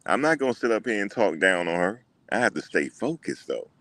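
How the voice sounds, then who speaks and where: A man hosting a casual livestream, talking back to his chat in an animated way and repeating what others said. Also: on the low side, a little fast, no echo. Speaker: livestream host.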